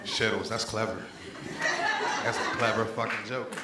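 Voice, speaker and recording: A man's voice: fairly low pitch, steady tone, normal speed. A man from Pittsburgh doing a stand-up set in a small comedy club, cursing freely and working the crowd. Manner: profane, loose, crowd-working banter. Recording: echoey room with crowd noise.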